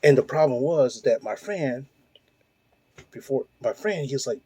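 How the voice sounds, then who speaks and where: A man's voice: medium pitch, animated, a little slow, long pauses, warm tone, husky. A man in his forties hosting his own show, delivering a blunt, profane, heated rant full of rhetorical questions. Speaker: host. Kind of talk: ranting monologue.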